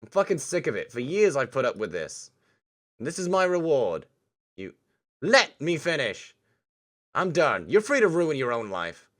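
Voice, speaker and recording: A man's voice: low voice, animated, unhurried, long pauses. A man voicing a hot-tempered young lizard-like student in a story game, talking in raised, angry bursts. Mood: furious. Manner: raised, furious outburst.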